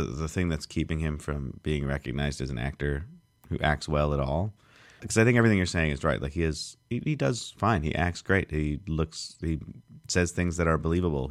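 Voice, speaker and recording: Deep-voiced man in casual podcast chat. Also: dry recording, clean studio sound. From Canada. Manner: rambling, restarts often, tries impressions. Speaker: podcast co-host.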